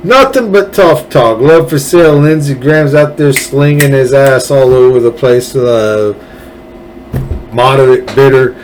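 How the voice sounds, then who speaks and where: A man's voice: mid-range voice, unhurried, rough recording. A man hosting a political podcast, ranting angrily with sarcasm and profanity. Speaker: podcast host. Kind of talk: political commentary rant.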